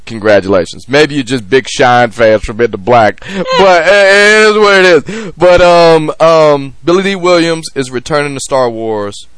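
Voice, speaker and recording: A man's voice: a little high, a little slow, hardly any pauses, fairly bright tone, clear, resonant tone, no room sound. A man hosting a podcast in casual chat, joking and rambling with frequent restarts. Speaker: podcast host.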